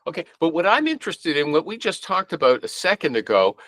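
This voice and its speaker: A man's voice: on the high side, big pitch swings, fast talker, fairly bright tone, no room sound. A man hosting a casual talk show, probing his guest and thinking aloud. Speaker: show host. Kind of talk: casual podcast chat.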